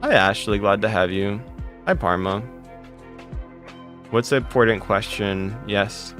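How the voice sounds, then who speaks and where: Lower-voiced man greeting his live chat. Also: fairly bright tone, faint music behind. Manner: greets chat viewers by name in a quick, repetitive stream; blunt and sarcastic with chat, laughing it off. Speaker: live streamer. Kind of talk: casual live-stream chat.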